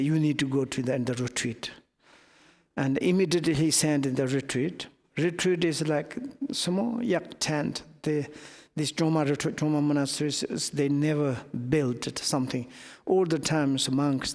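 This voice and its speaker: A male Buddhist teacher tells a teaching story in halting English full of restarts. His voice sits a little high. The sound rings with a long reverb, as in a big hall. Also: a little mellow. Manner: halting non-native English, many restarts. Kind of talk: dharma teaching told as a story.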